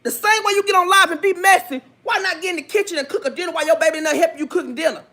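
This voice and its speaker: A woman's voice: extremely high pitch, racing, pushed and bright. A woman hosting a gossip livestream, lecturing in a preachy, emphatic way and repeating her points. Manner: preachy, repetitive, emphatic, asks for amens. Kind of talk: livestream commentary.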